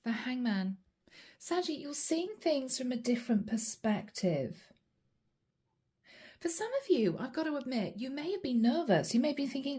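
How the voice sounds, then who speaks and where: A middle-aged woman reads tarot cards aloud and talks straight to the viewer, chatty and direct. Her voice sits a little high but sounds mellow and warm. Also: expressive, moderate pace, husky. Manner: chatty, addresses viewer directly, names cards as she draws. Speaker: tarot reader. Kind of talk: channeled tarot reading.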